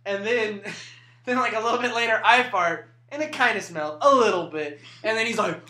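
A man's voice: high-pitched, fairly quick, very noisy. A young man in casual, profane chat with friends, often laughing through his stories. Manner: laughing, crude storytelling. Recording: echoey room with chatter.

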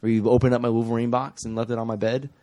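A man's voice: mid-range voice, flat delivery, very fast, mellow. A man telling a rambling story in casual chat, laughing often and swearing freely.

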